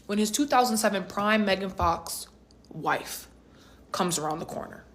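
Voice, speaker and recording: Young woman spilling a storytime, bright voice, slangy and dramatic. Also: mid-range voice, animated, moderate pace. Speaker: vlogger. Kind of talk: storytime vlog.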